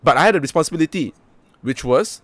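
A man's voice: a little high, lively intonation, quick pace, no room sound. Blunt, swearing Malaysian-English man. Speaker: podcast host. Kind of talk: casual chat.

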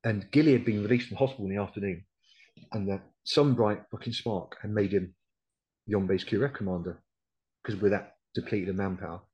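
Blunt, sweary veteran man, low voice. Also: fairly even intonation, a little fast, darkish tone, muffled recording. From United Kingdom. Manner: blunt, sweary, quotes others as he tells it. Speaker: podcast guest, decorated RAF Regiment veteran. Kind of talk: casual storytelling interview.

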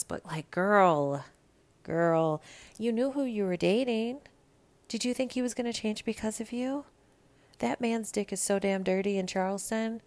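Low gravelly-voiced woman recapping reality TV. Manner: blunt, gossipy, swears freely. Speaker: podcast host. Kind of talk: casual reality TV recap monologue.

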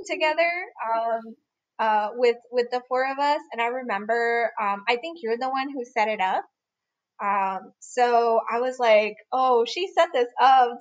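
A young woman with a fairly high voice talks in loose, rambling casual chat, full of "like" and restarts. The audio sounds a little dull and lo-fi, as if over a remote call. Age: young adult. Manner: rambling, lots of fillers and restarts. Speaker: podcast co-host. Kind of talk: casual chat among friends.

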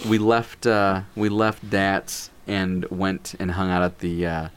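A man's voice: sits low, takes it slowly, smooth. A man casually telling a funny story, acting out quotes and laughing as he talks. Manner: animated, acts out quotes, laughs while telling.

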